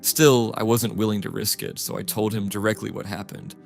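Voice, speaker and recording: A man reading first-person stories aloud as scripted narration, in a steady, flat reading manner. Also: on the low side, a little fast, creaky. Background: music.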